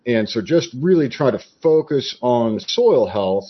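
A man as a podcast guest, explaining his approach in a measured, conversational way. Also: medium pitch, expressive, husky, lo-fi sound.

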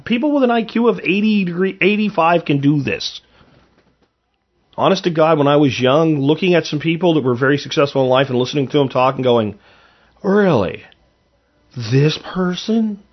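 Husky, blunt man giving a pep talk. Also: medium pitch, dull audio. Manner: blunt, earnest, emphatic, with profanity. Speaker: podcast host. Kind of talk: motivational monologue.

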